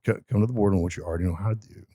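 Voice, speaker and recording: A man's voice: low voice, rapid-fire, warm tone, breathy edge, dry recording, clean studio sound. A man telling stories in a casual podcast conversation, emphatic and motivational. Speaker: podcast guest.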